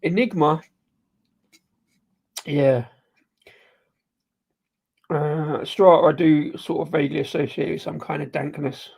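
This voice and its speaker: A man's voice: fairly high pitch, fairly even intonation, takes it slowly, creaky, pauses often, a little mellow, breathy edge. A man hosting a casual live beer review, rambling and hesitant with lots of ums and restarts as he sips the beer while he talks. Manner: rambling, hesitant, full of ums and self-corrections; sipping and tasting beer while talking.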